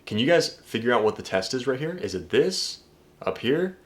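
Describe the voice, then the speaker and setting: A man's voice: mid-range voice, very animated, moderate pace. A man coaching viewers on dating in a casual video breakdown, talking emphatically, swearing and addressing the audience directly.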